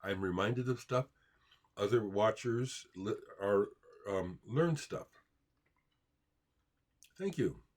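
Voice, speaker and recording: A man hosting a casual livestream, rambling about records and answering viewer comments out loud. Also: lowish voice, lively intonation, slow pace, pauses often. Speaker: livestream host showing records.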